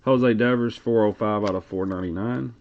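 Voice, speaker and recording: A man's voice: lowish voice, a little fast. A man with a Tennessee Southern accent hosting a live card break, reading off player names in a laid-back drawl while chatting with viewers. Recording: lo-fi stream audio.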